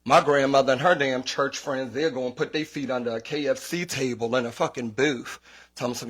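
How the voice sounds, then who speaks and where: Animated, profane podcast host, man. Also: a little high, brisk. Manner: profane, animated storytelling with quoted voices. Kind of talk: casual comedic podcast rant.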